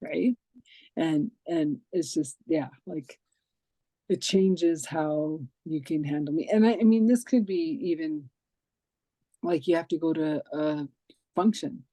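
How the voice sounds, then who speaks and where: A woman hosting a casual interview podcast, telling lively stories and acting out the dialogue in them. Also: low voice, slow, no echo. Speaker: podcast host.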